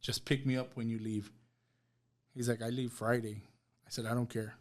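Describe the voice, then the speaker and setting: A man speaks in a low-key, monotone voice with little rise and fall, telling his own story as a podcast guest. He halts often, restarts and repeats words, and voices the people he quotes in his own plain tone. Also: moderate pace, long pauses. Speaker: guest sharing a personal testimony. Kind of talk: emotional personal storytelling. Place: podcast studio.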